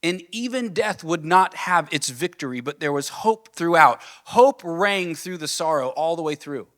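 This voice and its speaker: A man's voice: a little high, expressive, normal speed. Earnest man preaching a sermon. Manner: earnest, builds with rising questions then drops soft. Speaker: pastor.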